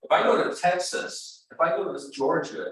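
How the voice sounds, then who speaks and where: A man with a Californian accent coaching in a casual, blunt and animated way, retelling stories with quotes. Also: a little high, normal speed. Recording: echoey room, voice from far off.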